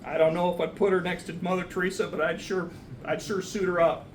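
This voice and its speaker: A man's voice: high-pitched, fairly even intonation, a little fast, reverberant, far from the mic, slight background noise, low-quality recording. A man, the son of the deceased, speaking at a memorial service in a church, rambling and self-deprecating. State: getting emotional. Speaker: son giving a eulogy. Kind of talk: memorial speech. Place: church sanctuary.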